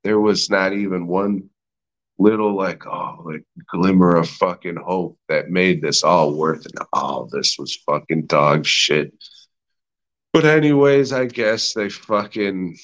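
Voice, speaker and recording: A man's voice: deep voice, takes it slowly, fairly bright tone, poor audio. A man in his thirties hosting a podcast, ranting about movies in a profane, rambling, sarcastic way. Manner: profane and rambling, heavy swearing; sarcastic, mocking. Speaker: podcast host. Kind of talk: casual movie review rant.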